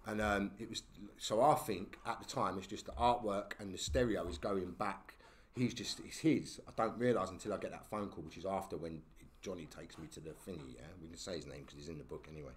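A man's voice: low voice, a little fast, a little hiss or hum. A man with a London accent telling a story as a podcast guest, in slangy casual talk that keeps checking in with "yeah?". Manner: slangy, tags lines with "yeah?".

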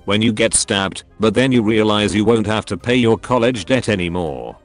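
A man narrating a meme compilation, reading captions aloud one after another with brisk jumps between jokes. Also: fairly low pitch, faint music behind.

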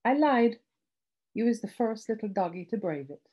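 A woman's voice: fairly high pitch, animated, moderate pace, dark tone, breathy edge. A woman voicing a bold, commanding older woman cook who teases and scorns a young man, read from her novel. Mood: mocking, commanding. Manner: teasing, scornful, then stern. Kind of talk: reading her novel aloud.

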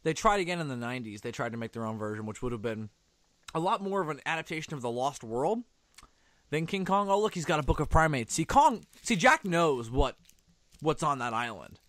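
A man's voice: a little high, lively intonation, a little fast, a bit bright, no echo. A man co-hosting a casual movie commentary, chatty, reacting to the screen and swearing casually. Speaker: commentary co-host.

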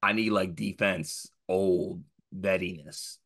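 A man's voice: deep voice, fairly even intonation, slow pace, a bit bright. A man co-hosting a casual sports talk show, laid-back with joking self-mockery. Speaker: podcast co-host.

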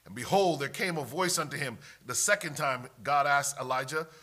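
Speaking at a normal speed with a medium pitch, a preacher delivers his sermon emphatically. He alternates between booming declarations and quiet asides, quoting scripture in archaic language.

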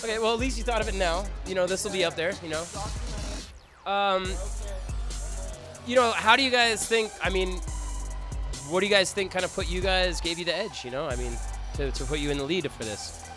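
A man interviewing a winning crew at an awards-night bar. His voice sits high, and he leans on fillers and lightly teases the people he questions. Faint music plays behind him. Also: fairly quick, pauses often. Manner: filler-heavy, teasing. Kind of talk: casual event interview.

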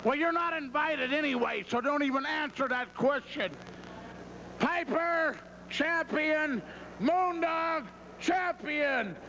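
A man's voice: extremely high pitch, slow, pushed and bright, slight background noise. A man cutting a wrestling promo, brash and threatening, trash-talking his opponents, on muffled old TV footage. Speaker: pro wrestler.

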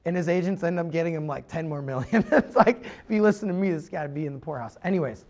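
A man in his thirties telling a rambling, animated story on a podcast, full of "like" and asides. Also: on the high side, quick pace. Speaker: podcast host. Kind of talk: casual storytelling.

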